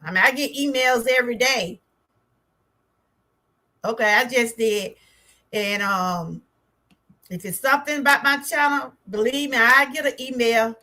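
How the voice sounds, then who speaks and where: On a livestream, a Southern-accented wellness vlogger from Georgia chats with her viewers, exclaiming and answering her chat. Her voice is a little high and a little slow, bright and forceful, with long pauses.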